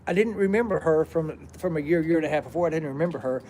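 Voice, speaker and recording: A man's voice: fairly high pitch, quick pace, a little mellow, slight background noise. Rambling man telling a story. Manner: rambling, profane, drawling. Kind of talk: casual personal storytelling.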